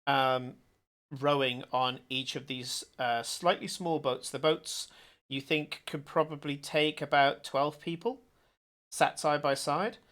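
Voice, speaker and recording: A man runs a tabletop game with a slightly high voice, telling the scene with hesitant fillers and then leaping into loud, shouted lines for the crew. He is easy to follow. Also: slow. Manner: animated, shouting out character lines. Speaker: game master.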